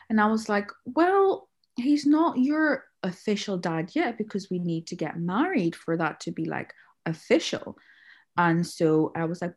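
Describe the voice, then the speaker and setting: A woman chats casually, telling stories with quoted voices. She laughs often, and her pitch sits in a middle range. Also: a little mellow. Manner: chatty storyteller, acts out quotes, laughs often. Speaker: mother sharing her story. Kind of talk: casual chat.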